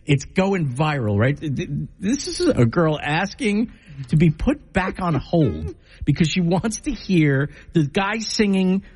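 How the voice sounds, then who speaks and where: A man's voice: fairly high pitch, very animated, a little slow, darkish tone, breathy edge. An American man hosting a morning radio show, teasing his co-host in playful banter. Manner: teasing, upbeat.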